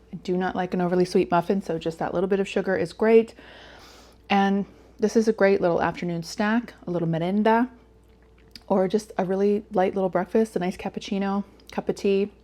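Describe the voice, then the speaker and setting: A woman with a warm, mellow voice hosts her own cooking video. She chats casually and with plain enthusiasm about what she bakes, sometimes talking through a bite of food. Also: medium pitch. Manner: talks while eating. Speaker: cooking channel host.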